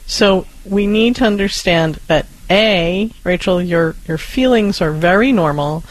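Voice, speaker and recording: A co-host at a middle pitch offers calm, reassuring parenting advice, speaking straight to the listener. The sound is dry and close, with no room around it. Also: a little slow, no room sound, rough recording. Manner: calm, reassuring, addresses the caller directly. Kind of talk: casual advice chat.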